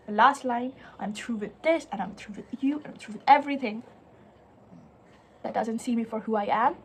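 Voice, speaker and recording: A young woman talks through a poem line by line in a casual lecture, her voice pitched high. She sounds earnest and searching, backing up and restarting phrases as she thinks, and sometimes drops into soft, hushed tones. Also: a little hiss or hum. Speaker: literature teacher. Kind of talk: conversational poetry lecture.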